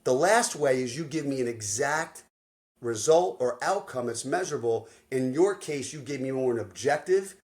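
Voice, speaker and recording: An energetic man coaching in casual conversation, full of slang and punchy delivery. He is a life coach and podcast host who tells stories with animated flair. His voice sits at an ordinary middle pitch. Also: normal speed. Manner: energetic, slangy, acts out quoted dialogue.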